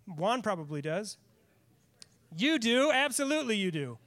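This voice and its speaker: A man preaching with earnest, emphatic drive, his voice sitting high for a man. He is a middle-aged pastor giving a church sermon, often repeating a line to press it home. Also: sing-song, normal speed, fairly bright tone. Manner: earnest, emphatic, laughs at times, repeats lines for stress. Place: church sanctuary.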